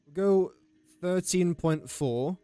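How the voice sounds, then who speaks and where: A man's voice: high voice, slow, mellow, smooth, dry recording. A man chatting on a game live stream, thinking aloud through sums and joking with viewers. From England. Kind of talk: casual live-stream chat.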